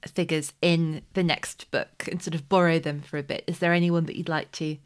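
A woman's voice: low voice, flat delivery, moderate pace, smooth. A woman hosting a podcast, chatting casually and musing aloud, often trailing off mid-thought. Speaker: podcast host. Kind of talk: casual chat about books.

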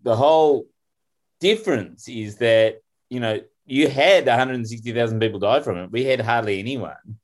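A man's voice: mid-range voice, normal speed. A man co-hosting a podcast, thoughtful and hedging as he explains. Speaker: podcast co-host. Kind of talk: casual discussion.

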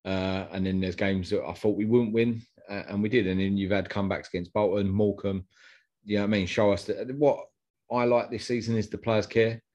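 A low-pitched man, talking football in a relaxed, rambling way. He often circles back and repeats himself as he chats with his co-host on a fan podcast. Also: fairly quick, dull audio. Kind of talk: casual chat.

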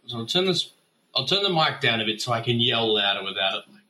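A man's voice: mid-range voice, very animated, fast talker, background noise. An Australian man leaving a casual voicemail, swearing freely and ranting with mock anger. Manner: profane, blustering, mock-angry. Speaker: voicemail caller.

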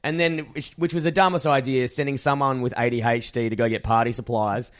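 A man's voice: medium pitch, steady tone, brisk. Laughing self-mocking Australian man. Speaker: guest. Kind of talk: casual chat.

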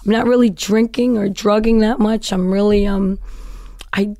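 A middle-aged woman being interviewed, telling her life story in a lively way and acting out the people she quotes. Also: medium pitch, moderate pace, no room sound. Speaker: guest.

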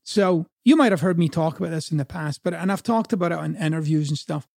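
A man's voice: a little high, quick pace, gravelly, a little mellow, no room sound, clean studio sound. A man from Scotland with a Scottish accent, a coach giving a blunt, profane, conversational motivational talk.

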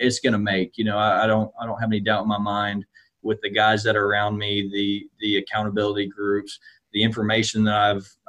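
Low, flat-voiced man telling his story. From United States. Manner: rambling, many fillers and restarts. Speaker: real estate investor guest. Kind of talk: casual conversation.

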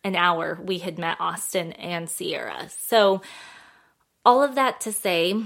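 A woman's voice: fairly low pitch, expressive, takes it slowly, vocal fry, fairly bright tone. A woman hosting a talk show, telling a story casually in a chatty way, full of fillers and little acted-out quotes. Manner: chatty, filler-heavy, acts out quotes in a lifted voice.

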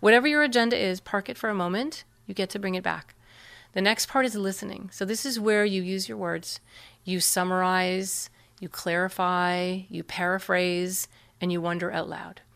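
Animated woman explaining parenting. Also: fairly low pitch, moderate pace, gravelly, clear, resonant tone. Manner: earnest, animated, slips into voicing kids and parents. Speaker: parenting expert guest. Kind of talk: interview answers, explaining techniques.

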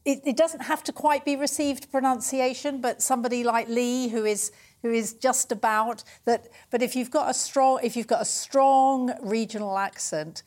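A woman speaking as a panelist on a TV discussion, halting and repeating herself as she talks. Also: on the high side, fairly even intonation, darkish tone. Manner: halting, many restarts.

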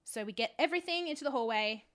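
A woman co-hosting a podcast, telling a story in casual chat with animated, swearing outbursts and laughter. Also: high voice, fast talker. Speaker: podcast co-host.

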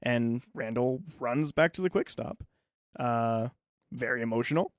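A man's voice: medium pitch, a little slow, dry recording, clean studio sound. A man co-hosting a casual podcast, retelling film scenes and acting out the characters' lines. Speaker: podcast co-host. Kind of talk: casual movie discussion.

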